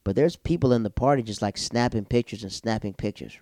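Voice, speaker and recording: A stand-up comedian telling a casual comic story, animated and jumping into loud, high-pitched voices when he quotes people. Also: fairly quick, no echo, clean studio sound.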